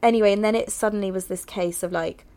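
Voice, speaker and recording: A woman's voice: mid-range voice, steady tone, fast talker, dark tone. A young woman, telling a personal story frankly in an interview, filling her talk with "like" and laughing here and there. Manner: frank, heavy use of "like", laughs while talking. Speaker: interview guest.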